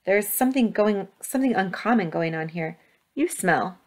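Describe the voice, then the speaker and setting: A woman's voice: medium pitch, animated, normal speed, natural voice. A woman voicing a stern, watchful grandmother in a read-aloud storybook, with an urgent, commanding manner.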